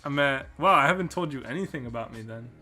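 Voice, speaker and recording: A man's voice: mid-range voice, expressive, fast, sharp tone, soft background music. A man with a Canadian accent hosting a podcast, telling a travel story in a rambling way with many restarts and fillers. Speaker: podcast host.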